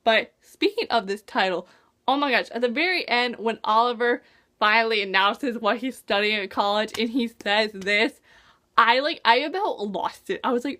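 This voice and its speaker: A bubbly young woman reviews a book she loved, gushing and piling on "like" and "oh my gosh". Her voice sits a touch high, quick to bounce up when she gets excited. It is a casual, chatty book vlog.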